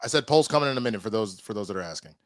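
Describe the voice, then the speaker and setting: A man's voice: lowish voice, lively intonation, very fast, dry recording. Laid-back male podcast host, dry sound. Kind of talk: casual chat.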